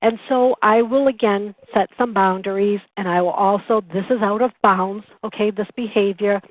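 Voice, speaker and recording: A woman who coordinates patient relations, giving a webinar presentation in a calm, earnest, instructive way and telling stories to make her points. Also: mid-range voice, normal speed, no room sound. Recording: tinny phone-like dry recording.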